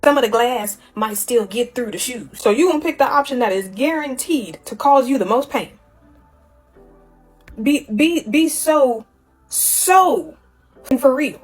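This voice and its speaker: A woman's voice: sits high, animated, a little slow, husky, soft background music, low-quality recording. A woman lecturing bluntly in a casual opinion video and making her point with analogies.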